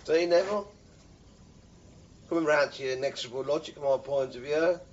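A man's voice: a little high, brisk, slight background noise, close to an everyday voice. An actor playing a pedantic, earnest tradesman who talks in long words. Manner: wordy, pompous. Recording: dull TV soundtrack.

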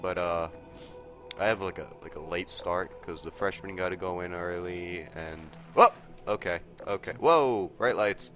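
Excitable nasal teen gamer. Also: male voice, a little slow, soft background music. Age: teens. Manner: excitable, yelps and shouts in sudden pitch jumps. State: nasal from allergies. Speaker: let's play gamer. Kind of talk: casual gameplay commentary. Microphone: desk mic resting on a table.

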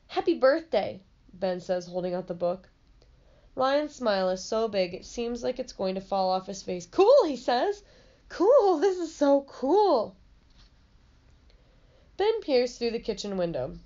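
A woman reading a children's chapter book aloud, pausing to explain lessons plainly, in a slightly muffled recording. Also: mid-range voice, darkish tone. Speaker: storybook reader.

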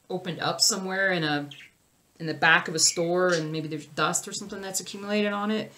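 A woman's voice: on the low side, bright, forceful tone, a little hiss or hum. Chatty woman reading viewer comments. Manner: chatty, rambling, answers viewer comments with fillers. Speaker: cross stitch vlogger. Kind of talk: casual livestream chat reading comments.

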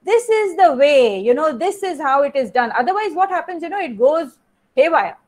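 A high-pitched woman with an Indian English accent teaches an online class. She explains patiently, circles back over her points and keeps saying "you know" and "okay". Her voice sits well above the usual range for a woman. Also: sing-song, moderate pace, a little mellow. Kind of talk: online lecture.

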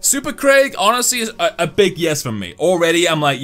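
Young male gaming commentator, slightly high voice, excitable and sweary, faint background music. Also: a little fast, few pauses. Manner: excitable, swings between hype and grumbling, swears. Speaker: gaming YouTuber. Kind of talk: gameplay commentary.

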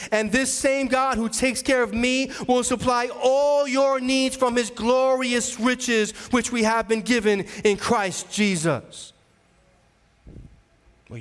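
Male pastor, high voice, repetitive rising sermon delivery, long church-hall echo. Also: a bit bright, smooth. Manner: preaching with repeated rising declarations. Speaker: associate pastor. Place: large church sanctuary.

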